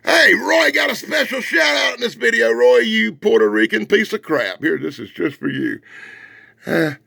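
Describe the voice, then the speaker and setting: A man reviewing an old comic book in a loud, mocking, excitable way, swinging between shouts and mutters. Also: high-pitched, moderate pace, creaky, no echo, studio quality. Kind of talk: casual, rowdy comic review.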